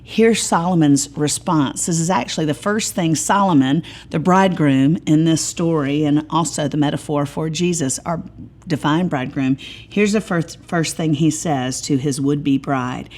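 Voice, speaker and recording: A middle-aged woman, giving a sermon-style Bible teaching with lively storytelling and humorous asides. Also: low-pitched, moderate pace.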